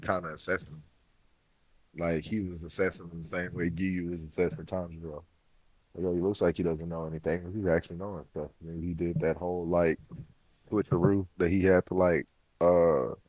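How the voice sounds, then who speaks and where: A man's voice: low voice, no echo, dull audio. A man co-hosting a podcast in casual chat, rambling and thinking aloud as he goes. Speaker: podcast co-host.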